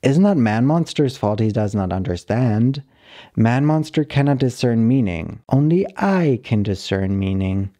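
A man calmly reading a short story aloud, narrating in the plain, halting voice of a dog. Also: medium pitch. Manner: calm, measured reading of a dog's broken-English narration. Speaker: story reader.

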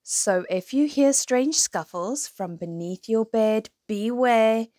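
A woman reading a rhyming children's picture book aloud in a slow, rhythmic way. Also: fairly high pitch, expressive, dark tone, no room sound, clean studio sound. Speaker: storyteller.

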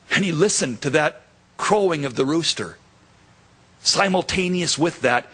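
Brief: male pastor, slow deliberate sermon, husky tone, acts out the dialogue. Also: medium pitch. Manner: animated preaching, acts out dialogue in quotes.

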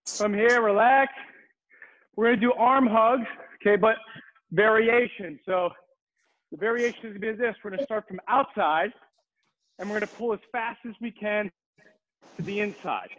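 Male guest martial arts instructor, high voice, upbeat drill calls, tinny call audio. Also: normal speed, pauses often, fairly bright tone. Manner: upbeat coaching, calling drills. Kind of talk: online fitness class instruction.

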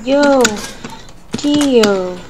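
A woman's voice: high-pitched, lively intonation, extremely slow, noisy background. A woman playing a horror game with friends, urging them on and calling out what to do. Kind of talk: casual gaming chatter.

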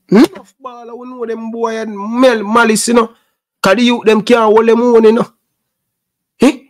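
High-voiced Jamaican man ranting passionately. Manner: impassioned, preachy, in Patois. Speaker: sports channel host. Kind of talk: casual rant to camera.

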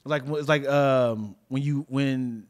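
A man's voice: medium pitch, slow. A young man in casual podcast chat, telling stories and acting out quotes. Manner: animated storyteller, acts out quotes loudly. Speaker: podcast co-host.

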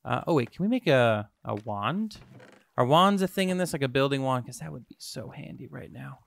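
Bright, excitable young man gaming. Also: medium pitch, fairly quick, gravelly, dry recording. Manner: excitable, self-mocking, talks to viewers. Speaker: gaming YouTuber. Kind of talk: casual let's-play commentary.

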